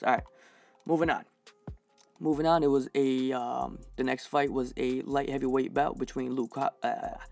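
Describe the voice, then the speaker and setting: Solo podcast host, male, gravelly, mid-pitch, profane and fired up, lots of ums. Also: darkish tone. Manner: profane, heated, many fillers. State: recovering from infection, dehydrated. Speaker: podcast host reviewing fights. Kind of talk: casual solo podcast rant.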